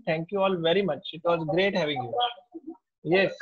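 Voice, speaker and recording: A man, a teacher taking attendance in an online class in a slow, unhurried way. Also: fairly high pitch, breathy edge. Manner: slow, unhurried roll call. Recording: tinny, phone-like audio.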